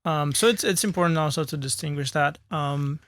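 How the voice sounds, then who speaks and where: A man co-hosting a music podcast in casual chat, agreeable and quick to chime in. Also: on the high side, fairly bright tone, dry recording, studio quality. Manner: agreeable, lots of short backchannel agreement. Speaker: podcast co-host.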